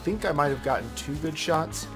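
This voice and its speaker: A man playing a co-op hunting game, joking quickly with his partner in casual chat. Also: a little high, over loud music.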